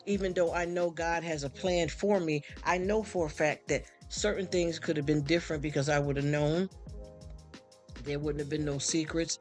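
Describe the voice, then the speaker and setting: Rambling man chatting on a live stream. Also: a little high. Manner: rambling and heartfelt, often stammers and repeats words; talks straight to chatters, calls them honey and y'all. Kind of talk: casual live-stream chat with viewers. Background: faint background music.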